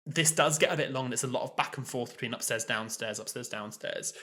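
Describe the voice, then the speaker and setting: A man's voice: mid-range voice, fast, sharp tone. A man in his twenties co-hosting a podcast, chatty and rambling in casual conversation. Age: 20s. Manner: chatty, rambling with many fillers. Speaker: podcast co-host. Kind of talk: casual chat.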